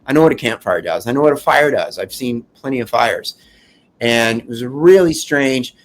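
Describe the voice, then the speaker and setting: A man giving an emotional first-person account of surviving a fire, in an earnest, halting way with many restarts. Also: medium pitch, animated.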